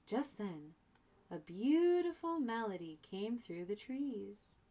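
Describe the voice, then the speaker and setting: A woman teacher reading a picture book aloud to young children, chatty, pausing to add asides and explain words. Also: medium pitch, expressive, dark tone.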